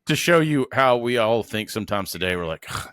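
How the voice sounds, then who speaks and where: A man's voice: medium pitch, lively intonation, fairly quick, fairly bright tone, clean tone, dry recording, clean studio sound. A man co-hosting a podcast, talking in a loose, slangy, rambling way. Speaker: podcast co-host. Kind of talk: casual chat.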